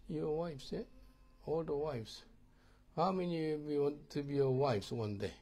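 A man's voice: fairly high pitch, unhurried, mellow. A middle-aged man with a Korean accent, a pastor teaching a marriage course in sermon style, emphatic and repetitive, often checking that listeners understand.

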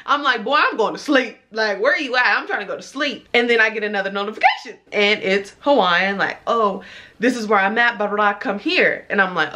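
A woman in her twenties telling a storytime to her viewers in casual chat, animated, acting out the people she quotes. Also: mid-range voice, normal speed. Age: 20s. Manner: animated, laughing, acts out quoted lines. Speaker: vlogger.

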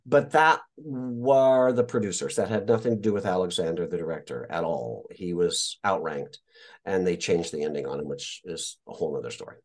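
A man's voice: low voice, moderate pace, a little mellow. A man from Indiana, an actor and guest, telling stories casually in an interview, swearing freely and acting out the voices of people he quotes.

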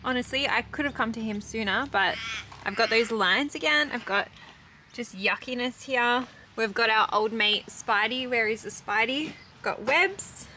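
Upbeat aussie girl vlogging to camera, kinda high voice, noisy background. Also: unhurried, bright, forceful tone. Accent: Australian. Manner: chatty, upbeat, gushing. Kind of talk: casual vlog chat to camera. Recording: clear background noise.

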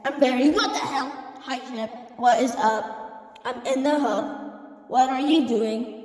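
High, silly cartoon voice making sound effects. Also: female voice, slow, darkish tone, roomy sound, in a large hall. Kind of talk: homemade cartoon voice acting.

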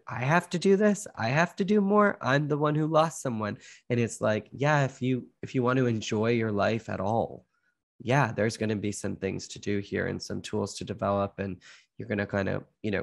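A man's voice: on the low side, gravelly. A young man speaking as an interview guest, earnest and reflective, often saying "like" and "you know". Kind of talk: candid conversational interview.

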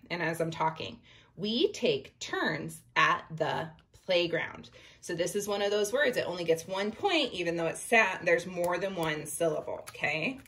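A woman's voice: on the low side, a bit bright. A woman teacher giving a reading lesson to young children, reading a book aloud word by word in an encouraging way. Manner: encouraging, slow read-aloud pointing at each word.

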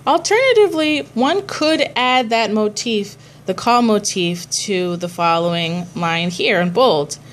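A woman's voice: mid-range voice, animated, measured pace, hardly any pauses, a little hiss or hum. A woman cantor teaching a class on chanting prayers, explaining patiently and chanting short examples.

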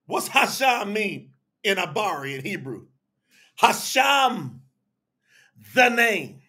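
A man preaching a livestreamed sermon, emphatic and call-and-response, shouting out to viewers by name and breaking into sudden shouts. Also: sits high, very animated, takes it slowly, slightly rough. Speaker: preacher leading an online service.

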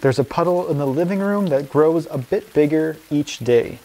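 A woman librarian reading picture books aloud at a family story time, expressive and warm. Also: low-pitched, moderate pace. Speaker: children's librarian.

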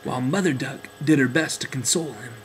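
A man narrating a children's storybook in a gentle, expressive way. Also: mid-range voice, fast talker, a little hiss or hum, low-quality recording.

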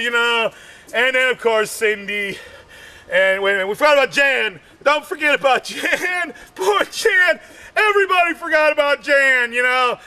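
A man doing a rambling stand-up monologue, drawling and meandering, full of "you know, man," with sudden shouted bursts. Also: extremely high pitch, expressive, normal speed. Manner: bursts into shouting and sung snippets. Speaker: stand-up comedian.

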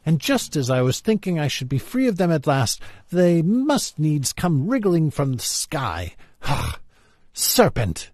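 A fretful mother pigeon from a storybook shrieks and scolds, as a man puts her on. The voice is high and loud, and it is slightly husky. It is dry and close. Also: sing-song, moderate pace, no echo. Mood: shrill. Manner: shrill, scolding, complaining. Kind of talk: storybook reading aloud.

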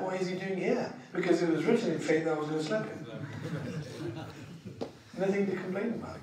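A man teaching an Islamic lesson, telling stories with lively acted-out voices. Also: fairly high pitch, a little hiss or hum. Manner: animated storyteller who acts out quoted voices and laughs. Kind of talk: sermon with told anecdotes. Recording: echoey hall, voice from far off.

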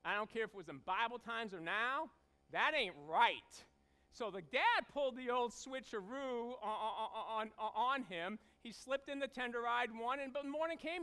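Male pastor, sermon delivery, very high and bright voice, clear, animated storyteller who acts out voices. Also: normal speed. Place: church sanctuary.

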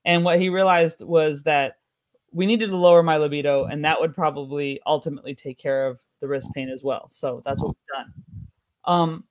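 A man's voice: a little high, fairly even intonation, normal speed. An American man performing a stand-up comedy set with a wry, offhand delivery. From United States.

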